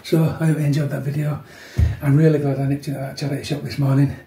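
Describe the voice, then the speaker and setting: A man's voice: on the high side, little pitch movement, quick pace. A man in his fifties, chatting casually through a home workout and tacking "yeah" onto his lines, keeping his voice down at home. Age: 50s. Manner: chatty, keeps adding "yeah", talks softly to avoid waking people. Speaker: fitness vlogger. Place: room at home. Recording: echoey room, mic at a distance.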